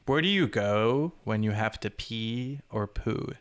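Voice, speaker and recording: A man's voice: lowish voice, slow. An American man hosting a casual quiz chat, playful and giggly. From United States. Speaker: host.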